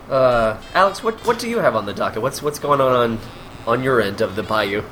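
A man's voice: medium pitch, animated, normal speed, bright, forceful tone, faint music behind. Playful, laughing podcast host man. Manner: playful, laughs often, puts on silly voices. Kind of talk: casual chat.

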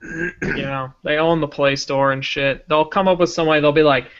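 High, bright-voiced swearing storyteller guy. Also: moderate pace, dull audio. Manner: profane, animated storyteller. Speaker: podcast co-host. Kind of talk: casual podcast chat, retelling a movie.

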